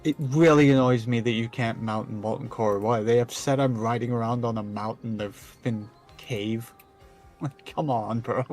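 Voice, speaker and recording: A man's voice: mid-range voice, steady tone, moderate pace, a little mellow, soft background music. A Scottish man streaming a game, chatting casually, joking and swearing freely. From Scotland. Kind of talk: casual gaming chat.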